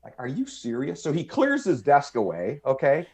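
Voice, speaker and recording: A middle-pitched American man in his fifties, telling an old story on a podcast in relaxed, casual talk. He jumps into the voices of the people he quotes and then drops back into his own plain speaking voice. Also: normal speed, husky. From United States. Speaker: podcast guest. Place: podcast studio.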